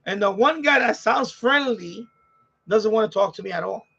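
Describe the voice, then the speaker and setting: A man's voice: high voice, animated, moderate pace, gravelly, fairly bright tone, breathy edge. A man with a New York accent hosting a ham radio live stream, venting in an exasperated, repetitive way, on dull lo-fi audio. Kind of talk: casual live-stream rant.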